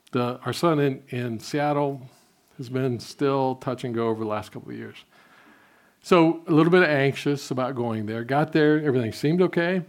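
An older man preaches in an easy, conversational way. He tells his stories directly to the congregation. His voice falls soft and low whenever he quotes his own prayers. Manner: conversational storytelling, drops softly when quoting prayers. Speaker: pastor. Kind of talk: sermon.

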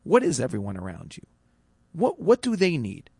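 A man's voice: a little high, huge pitch swings, normal speed, darkish tone, husky, no echo, studio quality. A man telling a personal story in a loose, conversational way with lots of fillers and restarts, then drawing a motivational lesson from it. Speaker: storyteller sharing a life lesson.

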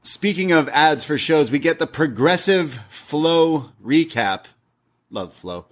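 A man, co-hosting a casual review podcast and retelling scenes with lively acted-out quotes. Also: on the high side, slow pace. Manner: animated storytelling, acts out quotes. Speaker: podcast co-host.

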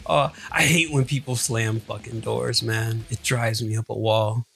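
A man's voice: medium pitch, fairly even intonation, creaky, a bit bright, slightly rough. Laughing, swearing man in casual chat. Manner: profane, laughing, quick to react.

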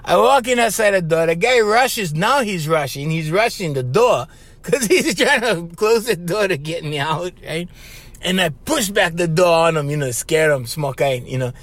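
A lively podcast host tells a casual, rambling story in a slightly high voice at a normal pace, his English tinged with Hawaiian Pidgin. He's animated and chatty, keeps saying "bro" and "right?", and laughs between lines.

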